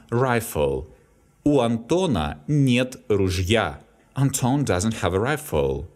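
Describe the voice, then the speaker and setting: A native Russian tutor with a Russian accent works through a vocabulary lesson at a slow, deliberate pace. He reads each word, then an example sentence, then its translation. His pitch rises and falls in a lively way.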